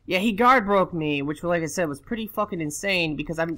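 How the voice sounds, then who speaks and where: A man giving casual commentary over his own gameplay, swearing constantly and breaking into frustrated shouts and laughs. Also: sits high, a little fast, hardly any pauses, very noisy. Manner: laughs and shouts in sudden outbursts. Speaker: let's play commentator.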